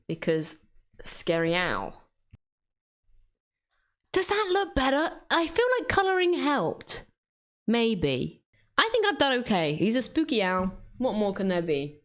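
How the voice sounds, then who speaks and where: A woman chatting casually while she draws, joking at her own efforts and laughing often. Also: medium pitch. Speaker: art vlogger. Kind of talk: casual drawing commentary.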